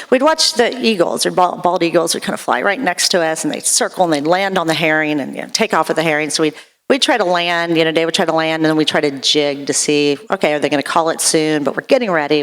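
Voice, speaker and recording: A woman telling a rambling true story to a theatre audience, restarting sentences and jumping up in pitch when excited. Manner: animated, voice leaps up when excited. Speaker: storyteller on stage. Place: theatre stage. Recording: long theatre reverb.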